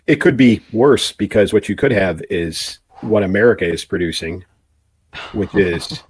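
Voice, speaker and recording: A man's voice: fairly low pitch, lively intonation, moderate pace, a little hiss or hum. A man co-hosting a political commentary chat, speaking earnestly and hesitantly, often repeating the start of a sentence. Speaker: co-host.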